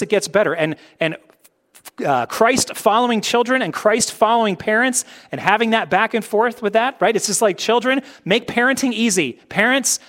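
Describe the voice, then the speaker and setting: A man preaching a sermon in a conversational way, swinging between emphatic, louder points and soft, low asides. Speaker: pastor.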